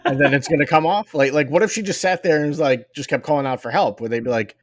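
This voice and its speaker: A man's voice: a little high, quick pace, hardly any pauses, dry recording, clean studio sound. A man co-hosting a podcast, chatting casually and insisting he is right by pointing to his notes. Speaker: podcast co-host. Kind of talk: casual review chat.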